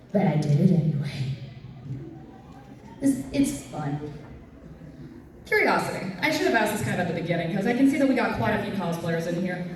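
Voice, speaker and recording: Animated woman telling stories on stage. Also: lowish voice, recorded from a distance. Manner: animated, acts out her own reactions in silly voices. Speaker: comedy panel host. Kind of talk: live stand-up storytelling at a convention panel. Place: convention panel room with audience. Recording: echoey room recorded from afar, audience noise. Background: audience chatter and laughter.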